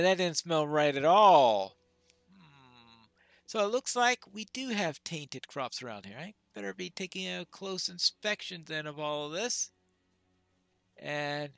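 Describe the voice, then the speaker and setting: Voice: medium pitch, a bit bright, no echo. A game player giving chatty commentary over a fantasy game, laughing at stumbles over hard names. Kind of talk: let's play commentary.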